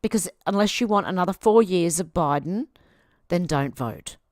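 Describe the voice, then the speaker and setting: A woman's voice: on the low side, animated, moderate pace, a little mellow, dry recording, clean studio sound. An Australian woman in her fifties hosting a casual livestream, reading viewer comments aloud and chatting back to them. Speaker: livestream host.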